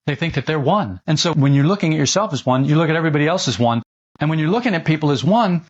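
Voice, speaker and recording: A man giving a spiritual talk to a group, animated and given to mocking asides in quoted voices, on a dull old recording. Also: a little high. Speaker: spiritual teacher.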